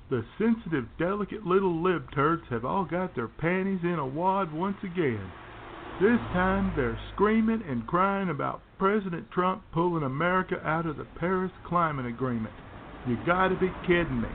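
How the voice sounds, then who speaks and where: A man's voice: on the high side, vocal fry, noisy background. Man putting on a pompous ranting pundit. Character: blustering male right-wing radio pundit. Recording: tinny phone-like lo-fi recording.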